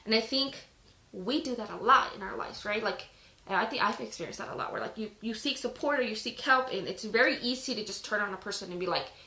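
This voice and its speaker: A woman hosts a casual Bible reading on a live stream, her bright voice carrying in a roomy, echoing space. She stops between passages to talk them over in a loose, chatty way, leaning on "like", and sounds out of breath. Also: fairly high pitch, quick pace. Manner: chatty, lots of "like" fillers. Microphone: phone on a live stream.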